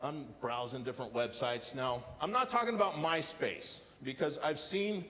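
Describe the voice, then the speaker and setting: A man performing a stand-up comedy set with deadpan storytelling and acted-out quotes, on a casino showroom stage. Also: a little high, moderate pace. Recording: live hall reverb with faint ambience.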